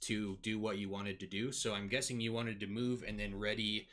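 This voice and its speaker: A man's voice: on the low side, steady tone, normal speed, fairly bright tone. A man acting as dungeon master in a tabletop game. He laughs often and explains the rules patiently.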